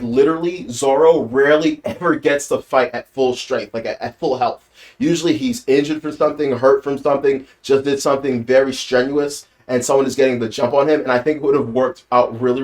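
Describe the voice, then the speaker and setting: Rambling man reviewing a show. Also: medium pitch. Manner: rambling, animated, with frequent "like" fillers and laughs. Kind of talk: casual review commentary.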